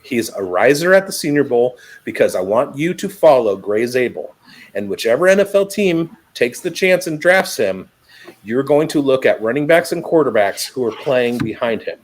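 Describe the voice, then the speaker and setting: A man on a casual podcast breaking down football prospects, telling stories with lively, animated delivery. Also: medium pitch, normal speed, low-quality recording. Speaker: fantasy football analyst.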